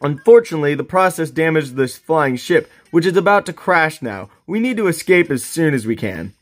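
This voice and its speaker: A man's voice: on the high side, expressive, moderate pace, faint music behind. A man reading the lines of a famous plumber figure from a video game in his own plain voice. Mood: calm. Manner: reads dialogue boxes aloud in a plain voice. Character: famous male plumber rescuer, calm and helpful.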